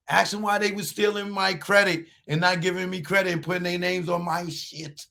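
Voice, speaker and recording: A man hosting a livestream, taunting a viewer in chat with drawn-out mocking questions and laughter. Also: high-pitched, steady tone, gravelly, pushed and bright. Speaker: livestream host.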